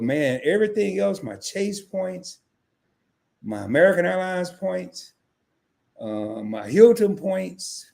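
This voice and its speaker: A man's voice: sits high, gravelly. A man hosting a casual travel livestream, chatting with viewers and acting out little dialogues. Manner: animated, acts out quoted dialogue; greets chat viewers by name. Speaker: livestream host.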